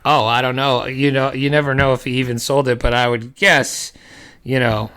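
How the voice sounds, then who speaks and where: A man's voice: medium pitch, little pitch movement, normal speed, fairly bright tone, smooth. A man co-hosting a podcast, talking bluntly and casually with frequent laughs and swearing. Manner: blunt, profane, laughs often. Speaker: podcast co-host.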